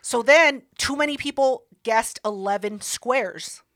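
A woman's voice: on the high side, a little slow, a bit bright, no room sound. A woman hosting a podcast in casual chat, telling a party story with lots of swearing and acting out other people's lines. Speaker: podcast host.

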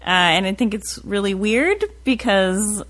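A woman's voice: medium pitch, unhurried, fairly bright tone. A woman comedian guest on a podcast, chatting casually, laughing often and joking at her own expense. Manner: giggly, self-mocking. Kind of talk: casual chat.

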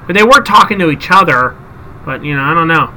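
A man's voice: a little high, quick pace, a little hiss or hum, low-quality recording. A man hosting a podcast, telling a story in casual chat and acting out the people in it. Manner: animated storyteller, acts out quotes. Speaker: podcast host.

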